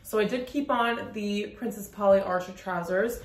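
A woman fashion vlogger talks straight to camera in a relaxed, chatty way, sprinkling "like" through her sentences. Her voice sits in an ordinary middle pitch. The room is noticeably echoey around her. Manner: chatty, quick, lots of "like" fillers. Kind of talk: casual outfit walkthrough to camera. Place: room at home during a work lunch break. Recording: roomy echo.

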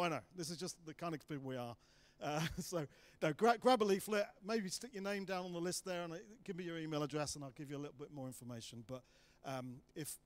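Chatty joking preacher. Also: male voice, fairly high pitch. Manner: jokey and chatty, self-deprecating asides. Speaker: guest preacher. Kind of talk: church sermon. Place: church hall.

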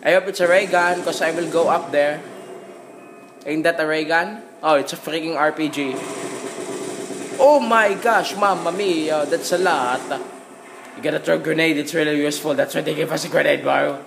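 A man giving excited gameplay commentary, repeating exclamations and talking to the screen. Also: a little high, brisk, gravelly, noisy background. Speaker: gamer.

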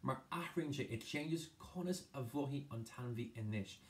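A man's voice: medium pitch, moderate pace. A man with an Irish accent teaching an exam-prep lesson, explaining a poem line by line, switching between Irish and English with frequent restarts.

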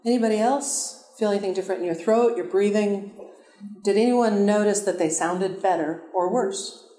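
A woman's voice: medium pitch, normal speed, dark tone. A woman voice coach leading a live workshop, upbeat and encouraging as she instructs the group. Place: large room with a live audience. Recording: echoey room with crowd. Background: audience voices.

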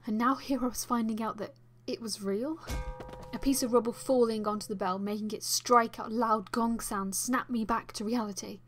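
A woman reading a first-person fan audiobook as its narrator, with expressive delivery. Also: a little high, normal speed, faint music behind.

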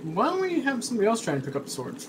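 A man's voice: sits high, wildly swooping pitch, very fast, background noise. A man playing a tabletop game, talking hesitantly with frequent ums. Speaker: player. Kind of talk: casual tabletop game play.

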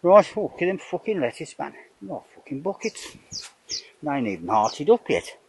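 A man's voice: fairly high pitch, very animated, normal speed, breathy edge, rough recording. An older man giving a rambling, casual commentary outdoors in his garden, swearing in nearly every sentence. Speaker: vlogger narrating home renovation.

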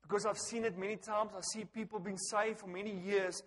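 A pastor with a high, fairly quick voice preaches a sermon in a church hall, animated and joking and laughing at his own stories. He speaks directly to the congregation, often asking them questions, and the recording has the hall's long reverb plus a little hiss or hum.

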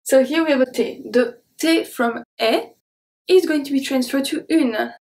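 A woman teaching pronunciation. She says each word slowly, repeats it, then explains it in English. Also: sits high, a little mellow. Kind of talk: slow, careful pronunciation lesson.

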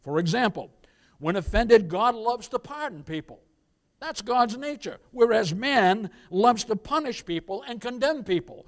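In church, a man delivers an emphatic sermon in a very high-pitched, sing-song voice at a measured pace. He calls out to his congregation and alternates loud emphasis with quiet asides.

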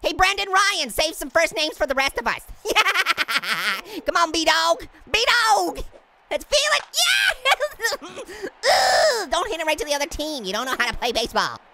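A man plays a giddy, hyper, giggly talking orange, a male character punning and taunting while commenting on gameplay for a comedic let's-play. The heavily acted, very animated voice is gravelly, high, and cartoonish, unhurried, set against game music and a noisy background.

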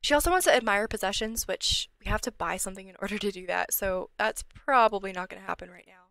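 A woman's voice: medium pitch, quick pace, gravelly, a bit bright, no room sound. A young woman giving casual, chatty let's-play commentary on a life-sim game, sometimes dropping to a whisper. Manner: chatty, drops to whispers when worried. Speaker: gameplay channel host.

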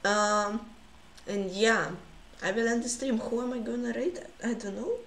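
A woman streamer casually commenting on chess games, excitable and full of gasps and exclamations. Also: on the high side, unhurried, echoey room.

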